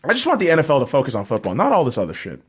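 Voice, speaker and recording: A man's voice: racing, breathy edge. Profane, fired-up male sports podcaster. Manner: heated, swearing constantly, drops low and flat reading scores. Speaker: podcast host.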